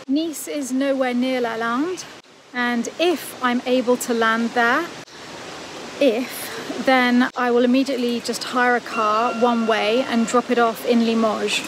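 A tired woman records a travel video diary, her voice a touch high. She talks in breathless, emotional runs. Steady noise hums behind her. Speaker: vlogger.

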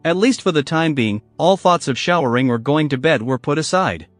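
A man's voice: a little high, animated, moderate pace, no room sound. A man narrating a first-person revenge story in a bitter, controlled way. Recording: dry voice with faint music behind.

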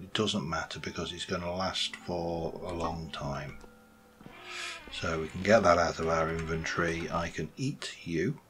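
A man's voice: low-pitched, a little hiss or hum. A man rambling casually as he plays a game, thinking aloud and correcting himself. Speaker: Minecraft let's play host. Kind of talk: casual gameplay commentary.

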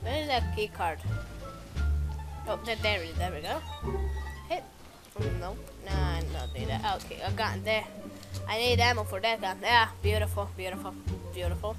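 A woman giving excited gameplay commentary who taunts enemies and keeps exclaiming. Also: medium pitch, normal speed. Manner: frequent exclamations and repeated words. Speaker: gameplay video maker. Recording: music playing loud behind voice. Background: background music and game sounds.

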